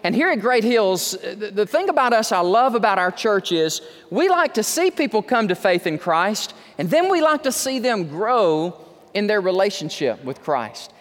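A male pastor preaching a sermon, slowing down to stress key words and acting out quoted conversations. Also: big pitch swings, a bit bright. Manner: acts out quoted conversations with raised pitch. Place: church sanctuary. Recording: long hall reverb.

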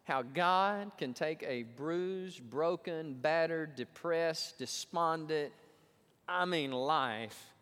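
A man preaching a sermon as pastor, telling a story with animated asides and acting out the voices he quotes. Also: on the high side, takes it slowly, smooth. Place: church sanctuary. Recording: long church hall reverb.

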